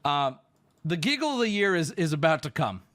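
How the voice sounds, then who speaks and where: An animated man tells a story casually on stream. His pitch leaps all over as he exclaims and swears. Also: brisk.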